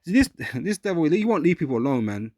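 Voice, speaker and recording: A man's voice: a little high, sing-song, fast talker, darkish tone, no room sound, clean studio sound. A man, teaching scripture in a casual, profane, repetitive way. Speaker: street preacher.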